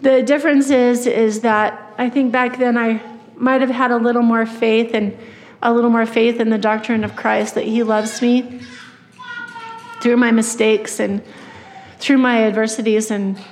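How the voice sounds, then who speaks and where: A woman's voice: fairly high pitch, level tone, unhurried. A woman giving a personal testimony talk at church, telling her story earnestly with many fillers and restarts. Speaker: church speaker. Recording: long reverb of a hall.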